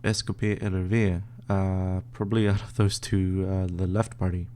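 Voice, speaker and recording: A young man from northern Sweden with a Swedish accent, casually reading out and answering chat questions on a live stream, with many fillers and pauses. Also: sits low, little pitch movement, darkish tone, a little hiss or hum. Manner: laid-back, reads chat questions aloud, hesitant with fillers.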